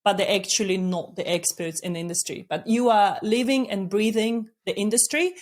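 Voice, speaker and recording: Woman podcast host, mid-pitched, measured and chatty, video-call interview. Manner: warm-paced, deliberately slowed speech, laughs often. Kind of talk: casual interview chat.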